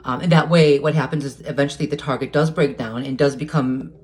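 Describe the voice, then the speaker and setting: A man's voice: medium pitch, fairly even intonation, brisk. A man talking to camera in a casual monologue, agitated and hesitant, stumbling over restarts and repeated words and swearing heatedly. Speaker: vlogger.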